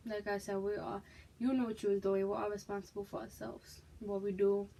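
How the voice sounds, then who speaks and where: A woman's voice: mid-range voice, flat delivery, normal speed, gravelly, mellow, slight background noise, low-quality recording. A young woman from Massachusetts, frank and emphatic, telling her personal story to her viewers in a casual vlog. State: pregnant, expecting a child. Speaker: vlogger.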